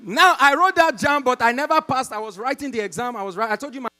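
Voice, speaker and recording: On a large hall's concert stage, long reverb ringing out, a Nigerian comedian does live stand-up, mixing stories with crowd talk. His voice is very high and sharp, and he speaks fast.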